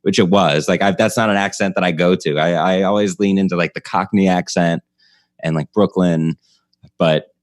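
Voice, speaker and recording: A man's voice: deep voice, fairly even intonation, normal speed, no echo. A man hosting a podcast, chatting casually about comedy, rambling with many restarts and laughing between lines. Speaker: podcast host.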